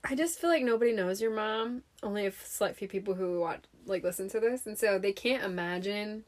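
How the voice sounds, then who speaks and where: A woman's voice: medium pitch, fairly quick, a little mellow. A young woman co-hosting a podcast in casual chat, giggly and chatty as she tells her own story. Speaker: podcast co-host.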